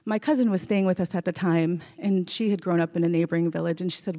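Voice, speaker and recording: A woman's voice: lowish voice, fairly even intonation, brisk, hardly any pauses. Woman storyteller in a reverberant hall. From rural Alaska. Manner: warm, conversational, with small restarts. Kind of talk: personal storytelling on stage.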